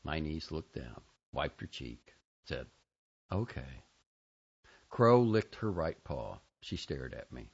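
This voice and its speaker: A man reading a first-person story aloud, expressive and shifting between quiet and louder lines. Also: extremely low pitch, unhurried, creaky, husky, lo-fi sound. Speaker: audiobook narrator. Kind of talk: scripted first-person narration.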